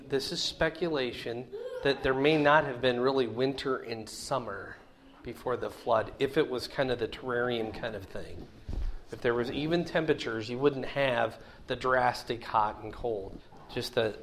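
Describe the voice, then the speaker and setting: Casting note: middle-aged man, plain mid-pitched voice, folksy Bible teacher who keeps asking the class questions, faint hiss in the background. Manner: folksy, asks the listeners questions. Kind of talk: conversational Bible lesson.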